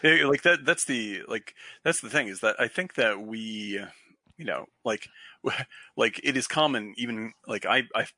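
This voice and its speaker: Bright, animated male podcast host. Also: medium pitch, a little slow, dry recording. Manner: animated, self-deprecating, laughing, stumbles and restarts. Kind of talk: casual chat about film.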